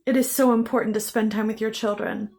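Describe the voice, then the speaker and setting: A woman's voice: on the high side, steady tone, a little fast, gravelly, a little mellow. Intense, swearing woman venting about her childhood. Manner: intense, bitter, heavy swearing; repeats phrases for emphasis. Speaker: vlogger. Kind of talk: emotional personal storytelling.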